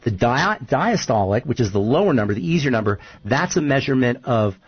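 Emphatic husky-voiced man on the radio. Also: mid-range voice, big pitch swings, a little fast, lo-fi sound. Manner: emphatic, repeats points, tells stories. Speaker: nutrition expert guest. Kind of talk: radio talk show discussion.

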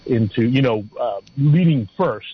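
Husky male radio caller, rambling. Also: medium pitch, animated. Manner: rambling, halting, many restarts. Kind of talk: phone-in talk radio. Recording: dull lo-fi phone-in radio sound.

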